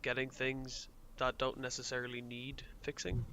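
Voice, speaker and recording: A man's voice: mid-range voice, monotone, moderate pace, sharp tone, slight background noise. A man co-hosting a podcast in casual chat, explaining things at length with small chuckles between points. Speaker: podcast co-host.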